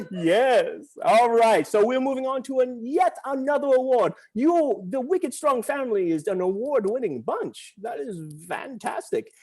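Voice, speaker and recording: High-voiced jokey male event host. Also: expressive, unhurried, a little mellow. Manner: jokey, upbeat, theatrical. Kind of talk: playful online event hosting.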